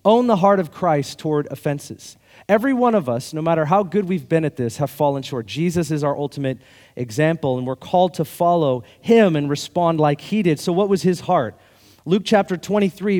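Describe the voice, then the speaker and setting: Male pastor, slightly high voice, chatty self-deprecating sermon, long hall reverb. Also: darkish tone. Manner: conversational, self-deprecating preaching with laughs.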